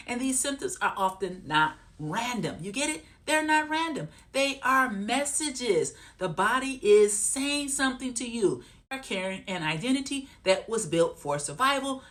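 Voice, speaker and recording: Woman therapist teaching, higher voice, lots of up and down, keeps asking "okay?". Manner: animated, repeats points, keeps checking in with listeners. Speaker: trauma therapist and coach. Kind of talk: teaching talk to camera.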